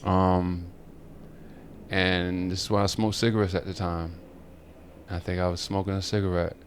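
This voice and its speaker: A man with a fairly low voice spins a long, animated story on a podcast. He rambles, circles back and laughs often in easy, casual chat. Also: moderate pace, a little hiss or hum. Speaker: podcast co-host.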